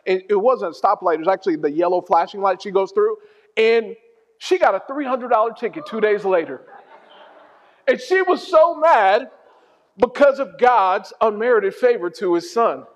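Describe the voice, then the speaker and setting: High-voiced preacher in an echoey hall. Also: male voice, normal speed. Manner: storytelling, animated and humorous. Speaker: pastor. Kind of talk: sermon. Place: church hall. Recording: dull sound in a reverberant hall.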